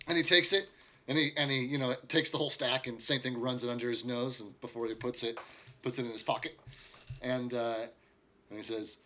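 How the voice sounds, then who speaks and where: A man's voice: mid-range voice, steady tone, fairly quick, sharp tone. A man narrating a tabletop game as game master, casual and full of fillers.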